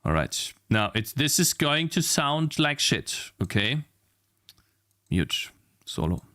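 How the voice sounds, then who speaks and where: Frustrated as he works on his game, an indie developer mutters and swears at his computer during a casual live stream, captured by a desk streaming mic. His medium-pitched voice is very animated, bright and forceful, though his pace is slow.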